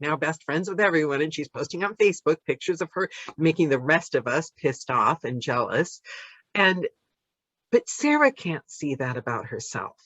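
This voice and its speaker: An American woman, an audiobook narrator, chatting casually on a podcast in an animated, rambling, self-deprecating way. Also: low-pitched, no echo, lo-fi sound. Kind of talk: casual chat.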